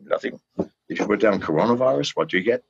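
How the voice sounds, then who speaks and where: An older man rants through an interview with a gravelly, husky voice. He is fiery and profane, dropping to low mutters and then climbing into shouted pleas. The audio is dull and lo-fi. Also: lively intonation, quick pace. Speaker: guest. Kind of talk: impassioned interview rant.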